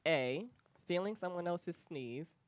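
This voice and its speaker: A woman co-host reads quiz questions out to the panel in a brisk, blunt way. Her mid-pitched voice sits close and dry, with no room sound. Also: expressive, dry recording. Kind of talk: reading quiz questions on a talk show.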